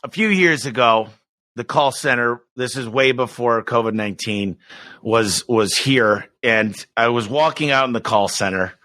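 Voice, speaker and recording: Bright, energetic American businessman. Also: mid-range voice, moderate pace, no room sound. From United States. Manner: energetic, enthusiastic, animated storyteller. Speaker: business owner, guest. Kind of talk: storytelling in a podcast interview.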